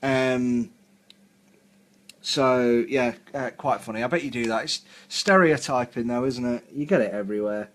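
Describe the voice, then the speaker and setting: A man's voice: mid-range voice, measured pace. A southern English man chats casually on a hobby live stream from his desk at home. He rambles loosely and fills every gap with ums and likes. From England. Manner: rambling, filler-heavy, chatty.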